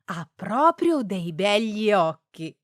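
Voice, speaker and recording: A woman slowly and carefully reading short example sentences and single words, with deliberate, precise pronunciation. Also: mid-range voice, very animated, no echo, clean studio sound.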